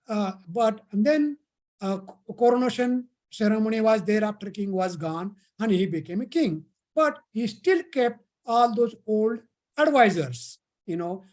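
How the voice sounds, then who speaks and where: A storyteller relating an old folk tale to a camp of young listeners. The telling is halting, full of pauses and restarts, at a middling pitch. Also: a little mellow. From India.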